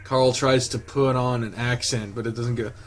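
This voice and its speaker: With faint music behind him, a let's play host reads a visual novel aloud in a mid-range voice at normal speed, his intonation fairly even. He reacts loudly and laughs often, keeping the game reading casual.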